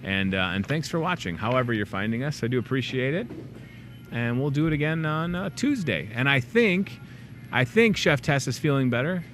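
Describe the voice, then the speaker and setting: A man hosting a local in-store talk show, chatting casually and rambling through plugs, jokes and shout-outs. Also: mid-range voice, big pitch swings, moderate pace, soft background music. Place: grocery store.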